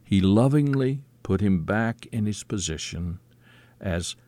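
A man preaching a sermon, explaining scripture slowly and quoting it as he teaches. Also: on the low side, lively intonation, mellow, no room sound.

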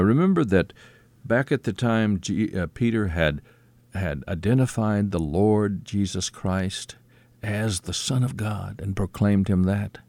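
A man preaching a sermon, explaining scripture slowly and quoting it as he teaches. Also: fairly low pitch, creaky, a little mellow, dry recording.

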